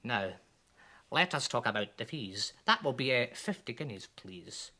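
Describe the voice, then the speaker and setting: A performer reading a children's poem aloud and voicing a gleeful, money-minded dentist in a smug, drawn-out way. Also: mid-range voice, lively intonation, bright, forceful tone.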